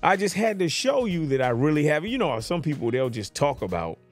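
A playful man with a voice pitched a little higher than most, chatting through a hands-on gear demo. He jokes around and keeps checking that the listener is following him. He talks into a podcast microphone in a quiet home studio, with soft music faintly underneath. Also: sing-song, brisk. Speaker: tech gear reviewer. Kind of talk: casual product demo. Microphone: USB podcast mic on desk.

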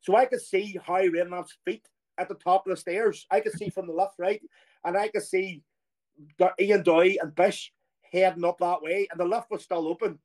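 High-voiced Irish man telling stories. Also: moderate pace. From Ireland. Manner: animated storyteller who acts out quoted voices. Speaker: former footballer guest. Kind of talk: casual anecdotal storytelling.

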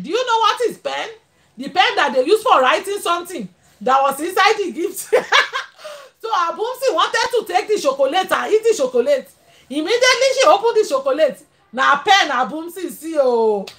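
A woman's voice: extremely high pitch, sharp tone. A Nigerian woman hosting a live stream in casual chat, laughing often and switching into pidgin as she thanks viewers. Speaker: livestream host.

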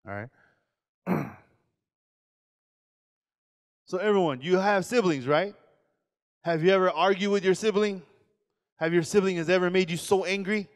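A man in his forties, a pastor giving a lively sermon lecture, acting out quoted voices and questioning his audience. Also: high voice, moderate pace, pauses often, long reverb tail. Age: 40s.

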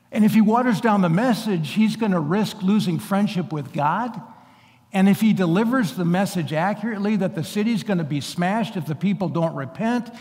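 Male pastor, high voice, emphatic sermon delivery, stumbles and restarts, long church reverb. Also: darkish tone. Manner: earnest, emphatic preaching with frequent restarts. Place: large church sanctuary.

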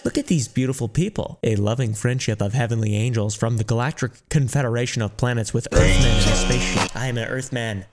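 A man in his twenties who swears a lot and reacts with loud exclamations in casual commentary as a YouTuber. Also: medium pitch. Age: 20s.

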